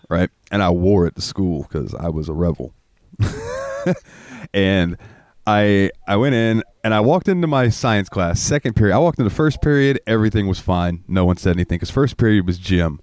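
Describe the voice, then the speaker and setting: A man's voice: low voice, expressive, normal speed, a little mellow, no echo. A young man co-hosting a podcast, telling crude stories in casual chat and laughing often. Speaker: podcast co-host.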